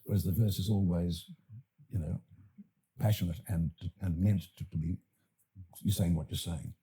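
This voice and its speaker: An older Australian man, an actor and director, talking as a podcast guest in a thoughtful, halting way with many fillers and restarts. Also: sits low, fairly even intonation, warm tone, slightly rough. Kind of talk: podcast interview.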